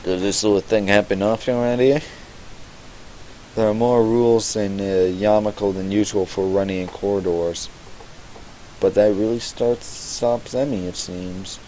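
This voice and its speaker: A young man with a low voice reads a visual novel aloud for a let's-play. He breaks in with sarcastic asides and plenty of swearing. The commentary is loose and casual. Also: fairly even intonation, measured pace, dark tone, a little hiss or hum, poor audio.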